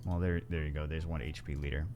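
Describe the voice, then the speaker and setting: A man's voice: extremely low pitch, level tone, quick pace, over music. A man hosting a gaming video, rambling through casual gameplay commentary with wry asides and frequent self-corrections.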